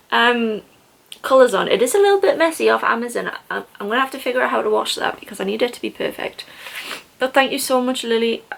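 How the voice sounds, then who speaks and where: A woman's voice: a little high, vocal fry, slight background noise. A young woman in a casual book haul vlog, talking in a gushing, enthusiastic way about gifts from friends. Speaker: book vlogger.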